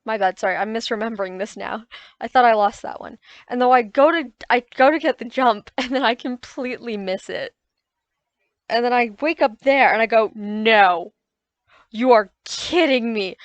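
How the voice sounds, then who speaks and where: A woman's voice: a little high, no echo. Woman gamer doing a casual, self-correcting voice-over. Close mic, dry and plain. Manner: rambling, self-correcting, recounting frustrations. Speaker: gaming YouTuber. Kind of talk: casual gameplay voice-over commentary.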